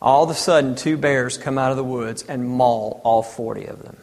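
A man's voice: mid-range voice, flat delivery, moderate pace, gravelly, a little mellow, long reverb tail. A man in his thirties preaching a sermon, asking rhetorical questions and pressing his points with emphasis. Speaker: pastor.

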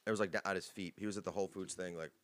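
A man's voice: sits low, rapid-fire, no room sound. A man in his thirties co-hosting a podcast, telling crude, joking stories in casual chat. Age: 30s. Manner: crude, joking, animated storytelling. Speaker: podcast co-host.

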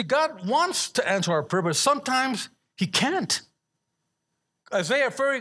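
Here a male pastor with a high-pitched, slightly rough and somewhat bright voice preaches informally. He often restarts his words and calls on the congregation to answer him.

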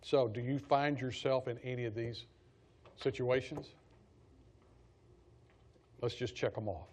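A man's voice: mid-range voice, fairly even intonation, measured pace, darkish tone. A man teaching a Bible study class in a conversational way, repeating key phrases for emphasis.

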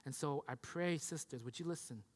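A man's voice: fairly high pitch, fairly quick, big-room sound. A man preaching a sermon as pastor, speaking emphatically and often asking "right?".

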